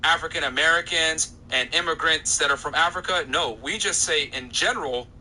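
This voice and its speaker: A man's voice: a little high, fairly quick, pushed and bright, rough recording. Insistent young man hosting a podcast. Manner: insistent, talks over interruptions. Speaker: podcast host. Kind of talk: heated podcast argument with a caller.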